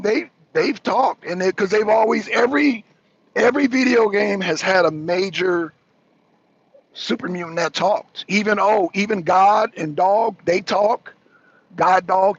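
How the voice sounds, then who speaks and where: High-pitched guy in his truck cab, gravelly voice, cussing and rambling, kinda muffled. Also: measured pace. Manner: profane, rambling, self-interrupting. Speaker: truck driver calling in to a talk show. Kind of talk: casual chat.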